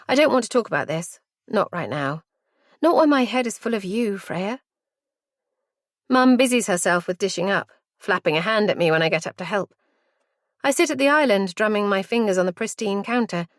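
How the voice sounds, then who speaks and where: Woman reading an audiobook, thoughtful and measured, super dry close mic. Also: medium pitch, dry recording. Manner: reflective, measured storytelling. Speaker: audiobook narrator. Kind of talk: first-person audiobook narration.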